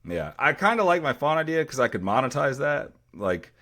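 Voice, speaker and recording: A man with a deep voice, a teacher co-hosting a casual podcast chat and telling stories with dry sarcasm. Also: very animated, brisk, bright, forceful tone. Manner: dry sarcastic humor, storytelling with acted quotes.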